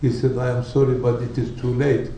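A man preaching a sermon, telling stories slowly and deliberately and acting out the people in them. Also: mid-range voice, flat delivery, mellow, a little hiss or hum. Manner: slow, deliberate storytelling with dramatic quoted voices. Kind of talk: sermon storytelling. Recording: echoey hall, speaker far from mic.

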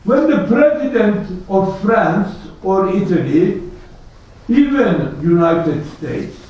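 Man preaching, high voice, very slow emphatic delivery, echoey distant lo-fi recording. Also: animated, a little mellow. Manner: slow, emphatic, rhetorical questions. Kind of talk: sermon. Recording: echoey hall, distant lo-fi mic.

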